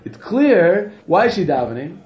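A man teaching a class in an animated, rhetorical way, often asking "right?" and laughing, recorded in an echoey room with dull, lo-fi sound. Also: sits high, normal speed. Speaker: religious teacher. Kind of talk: informal classroom lecture.

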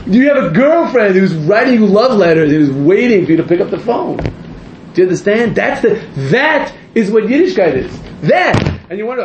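A man preaches in a high, swooping voice, interrupting himself and climbing toward shouts. His words ring around an echoey room, and the sound is a little muffled. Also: normal speed, a little hiss or hum. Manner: animated, rambling, self-interrupting, rising to near-shouts. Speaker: rabbi. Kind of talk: sermon to a live audience.

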